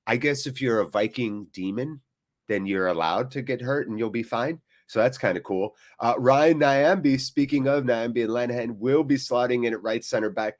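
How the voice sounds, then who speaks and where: A man's voice: mid-range voice, normal speed. A man hosting a live football watchalong stream, chatting casually with viewers in a rambling, jokey way.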